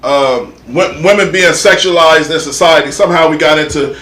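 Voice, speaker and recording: A man hosting a casual panel chat, telling stories in an animated way and swearing freely. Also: on the high side, moderate pace, roomy sound, recorded from a distance. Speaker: podcast host.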